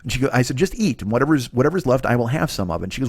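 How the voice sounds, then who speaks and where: A man in his forties hosting a podcast, telling a rambling, profane, self-deprecating story in a casual, animated way. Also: medium pitch, racing, slightly rough, no echo, studio quality. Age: 40s. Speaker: podcast host.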